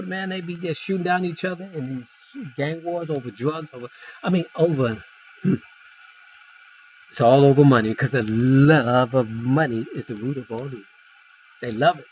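Emphatic man preaching, lively swinging pitch. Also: dull audio, a little hiss or hum. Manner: emphatic, wide swings in pitch and loudness, rhetorical questions; folksy asides and storytelling. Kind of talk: informal sermon on scripture.

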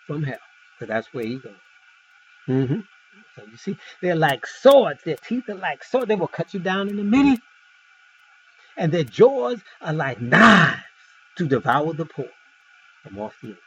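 A man gives an informal, emphatic sermon packed with rhetorical questions and folksy asides, his pitch and loudness swinging widely. His voice has a breathy edge, and the highs are cut off.

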